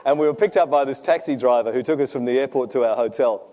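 A man's voice: mid-range voice, quick pace, mellow. A man preaching a sermon, telling funny stories and often laughing at his own jokes. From Australia. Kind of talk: sermon with humorous anecdotes.

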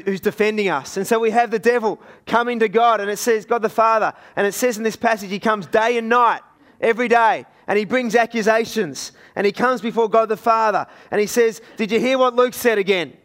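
High-voiced Australian preacher. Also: male voice, brisk, a bit bright. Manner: conversational, illustrative storytelling. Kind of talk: sermon.

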